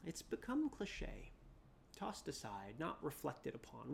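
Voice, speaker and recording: A preacher giving a dramatic sermon, repeating phrases, rising loud then dropping to a hush. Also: medium pitch, huge pitch swings, slow, creaky.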